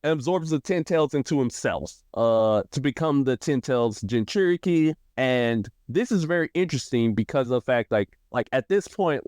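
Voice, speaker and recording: A man co-hosting a podcast, recapping an anime storyline in a casual, animated way and acting out the characters' lines. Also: moderate pace, few pauses, no room sound, studio quality. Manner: animated, acts out character quotes with shifting pitch. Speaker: podcast co-host.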